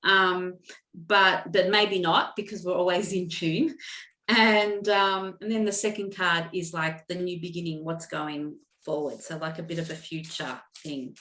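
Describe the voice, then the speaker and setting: Woman, intuitive card reader, gentle and halting, slow pace, echoey room, video call. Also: on the low side, fairly even intonation. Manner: gentle, halting, many restarts and fillers. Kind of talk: live online card reading.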